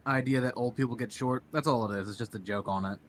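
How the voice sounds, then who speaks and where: A man chatting casually as a player in a tabletop game, relaxed and chatty. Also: medium pitch, fast, a little hiss or hum.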